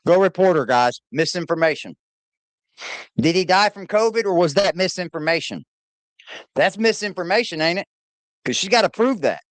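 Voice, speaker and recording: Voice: mid-range voice, sing-song, normal speed, no echo. Mocking, swearing reaction-stream host. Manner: mocking, profane, talks back at the clip. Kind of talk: casual live reaction commentary.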